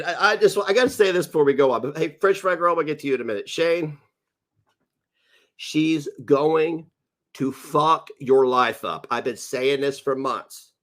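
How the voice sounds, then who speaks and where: Brief: a male stream host, sarcastic and mocking, with a lively, up-and-down voice. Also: a little high. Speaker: livestream host. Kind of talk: ranting livestream commentary.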